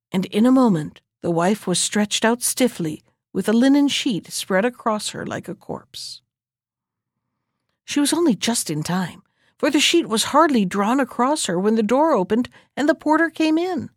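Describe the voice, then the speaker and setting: Higher-voiced woman reading a fairy tale. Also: animated, moderate pace, no room sound, clean studio sound. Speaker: storyteller host. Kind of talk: fairy tale read aloud.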